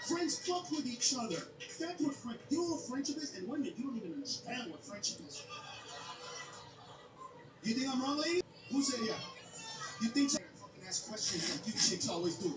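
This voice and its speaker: A man doing stand-up, ranting loudly and profanely, often breaking into shouts. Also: very high voice, expressive, fairly quick, roomy sound, over loud music. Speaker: stand-up comedian. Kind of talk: stand-up set.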